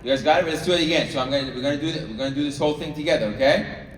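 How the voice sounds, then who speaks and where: In a live training session for a big room, a male sales trainer with a fairly high voice talks rapid-fire over slight background noise. The hall echoes and the mic is distant, and he keeps coaching and checking in with the crowd.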